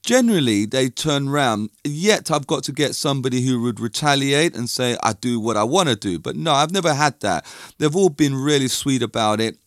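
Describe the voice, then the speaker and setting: A man's voice: mid-range voice, lively intonation, moderate pace, dry recording, studio quality. A middle-aged man from London with a London accent, talking in a casual, rambling, opinionated monologue that drifts off topic. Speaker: music and dance teacher.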